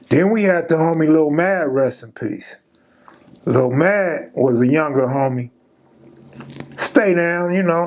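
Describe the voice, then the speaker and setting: A man with a somewhat high-pitched voice tells a true story in a casual, unhurried way. His delivery is loose and slangy, full of street talk, like a channel host talking straight to his viewers. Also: darkish tone.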